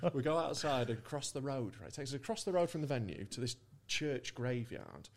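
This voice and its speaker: A man's voice: medium pitch, normal speed. A man co-hosting a comedy podcast, telling a rambling, sweary anecdote and laughing as he goes. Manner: animated anecdote-telling, swears often, laughs mid-sentence. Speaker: podcast co-host. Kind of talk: casual storytelling chat.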